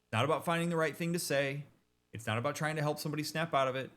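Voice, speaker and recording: A man who works as a therapist, talking over a game in a casual, explanatory way, direct and emphatic, with quick asides and restarts. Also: a little high, a bit bright.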